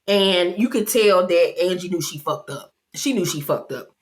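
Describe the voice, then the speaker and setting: A woman giving a casual, animated, gossipy episode recap. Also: fairly low pitch, normal speed. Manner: animated, gossipy storytelling, acts out quotes. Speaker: vlogger.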